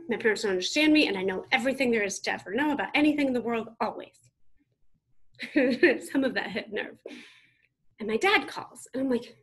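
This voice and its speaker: A woman's voice: fairly high pitch, fast talker. A woman in her thirties giving a motivational keynote speech, emphatic and punchy, speaking straight to her audience. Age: 30s.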